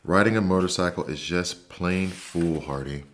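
A prim, disapproving old aunt mouse, as a man with a deep voice reads her. She frets and scolds in a calm storybook telling. The delivery is soft and unhurried.

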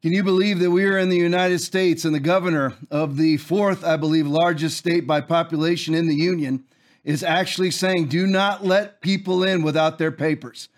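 A man in his forties hosting a fiery commentary show, preaching with scripture, forceful and repetitive. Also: a little high, steady tone, normal speed. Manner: preachy, forceful, repeats phrases for emphasis. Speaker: host.

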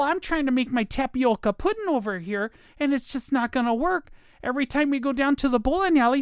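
A woman's voice: high voice, no echo, clean studio sound, pitched above the performer's own voice. A man voicing a gossipy middle-aged housewife with a Minnesotan accent. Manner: gossipy, folksy.

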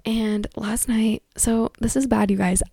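A woman's voice: on the high side, steady tone, a little slow, gravelly, warm tone, dry recording, clean studio sound. A young woman and mother telling a story to her viewers in a chatty, rambling way, full of likes and ums. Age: young adult. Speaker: vlogger.

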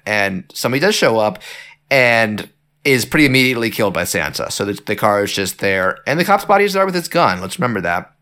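A man casually discussing a horror movie, animated and full of fillers and restarts. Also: mid-range voice, brisk. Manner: animated, lots of fillers and restarts, acts out quotes. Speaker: podcast co-host.

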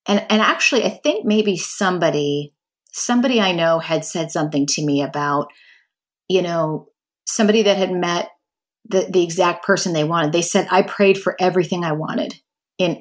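A middle-aged woman hosting a podcast, telling a personal story in a candid, chatty way and talking straight to her listeners. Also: on the low side. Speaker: podcast host.

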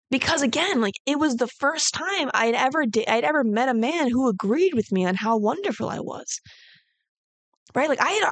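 Her voice runs a little high as this young podcast host rambles candidly through a personal story, leaning heavily on "like." There's no room sound at all.

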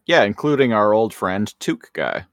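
A man co-hosting a casual podcast, joking and animated. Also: on the low side, normal speed, no room sound, clean studio sound. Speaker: podcast co-host. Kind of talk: casual chat.

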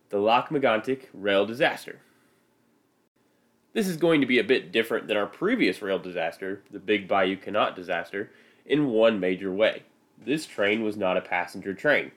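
A man with a Midwestern American accent, hosting a history podcast and narrating from a script in a casual, self-deprecating way. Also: on the low side. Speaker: podcast host.

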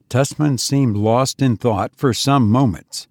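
Guy narrating an old-style tale, steady measured read, dry close sound. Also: mid-range voice, no echo. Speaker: audiobook narrator. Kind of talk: first-person story narration.

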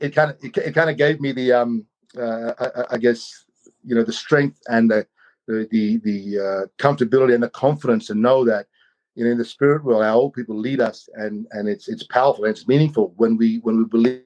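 A man's voice: medium pitch, steady tone, brisk, a little mellow. A man tells a long personal story over a video call, circling back and repeating himself as he searches for words. His voice sits in a middle range. The call audio is somewhat dull and muffled. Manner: rambling, repeats words, many fillers. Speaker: guest.

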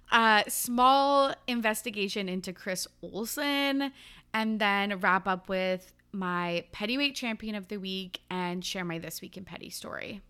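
A woman's voice: medium pitch, bright, forceful tone, smooth. A young woman from the Pacific Northwest hosting her podcast, chatty and laughing often, with casual swearing. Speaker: podcast host. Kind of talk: casual chat.

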